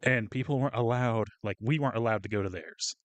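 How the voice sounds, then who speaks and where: A man's voice: on the low side, fast, no echo. A man co-hosting a casual podcast, venting profanely about coworkers and acting out their lines. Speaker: podcast co-host.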